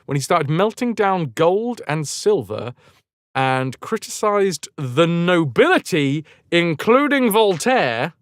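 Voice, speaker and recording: A man's voice: fairly high pitch, big pitch swings, slow pace, fairly bright tone, dry recording, studio quality. A man hosting a livestream, chatting in a digressive, wry way, often cutting himself off mid-thought and swearing casually. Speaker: livestream host. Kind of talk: casual rambling chat.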